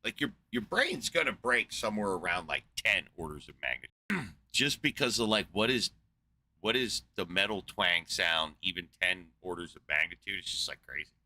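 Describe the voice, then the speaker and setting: Deep, sharp-voiced sweary podcast guy. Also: expressive, moderate pace. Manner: rambling, profane, sarcastic. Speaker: podcast host. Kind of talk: casual chat.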